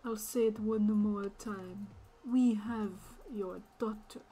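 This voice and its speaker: A woman's voice: medium pitch, fairly even intonation, husky, faint music behind. A woman voicing a menacing female caller in a Russian accent, in whispered role-play. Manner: hushed, slow, threatening.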